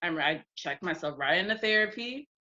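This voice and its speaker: A woman's voice: lowish voice, animated, quick pace, pushed and bright, muffled recording. A young woman from the United States, a guest in an interview, telling candid stories frankly, laughing often and acting out what people said. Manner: frank, laughs often, acts out quoted speech.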